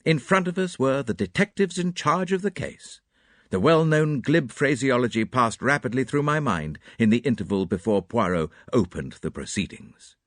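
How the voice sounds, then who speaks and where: A man reading a mystery novel aloud as an audiobook narrator, with an expressive, dramatic delivery. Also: medium pitch, no echo, clean studio sound. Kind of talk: scripted narration.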